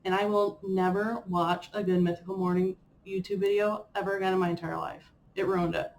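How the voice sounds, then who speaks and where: A woman's voice: mid-range voice, flat delivery, brisk, gravelly, a little mellow. A young woman vlogging in a chatty, rambling way with fillers and playful self-mockery. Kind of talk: casual chat reviewing a personal year.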